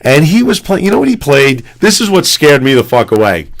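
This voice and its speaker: A man's voice: on the high side, sing-song, fairly quick, vocal fry. A man co-hosting a live-streamed talk show, chatting casually in a loose, profane, rambling way full of restarts. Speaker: co-host. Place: home studio streaming live.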